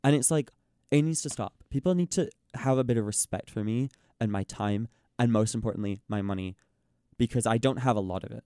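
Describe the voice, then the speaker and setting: A young man in casual chat, ranting in an exasperated, animated way and mimicking the people he quotes. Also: fairly low pitch, fairly quick, clear, resonant tone, dry recording, clean studio sound. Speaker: podcast host.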